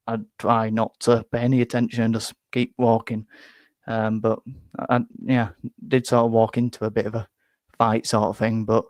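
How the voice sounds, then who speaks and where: A man's voice: fairly low pitch, no echo. A young man chatting casually on a fan live stream, rambling and restarting words as he reads out viewer comments. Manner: rambling, self-interrupting, repeats words. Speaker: fan channel host.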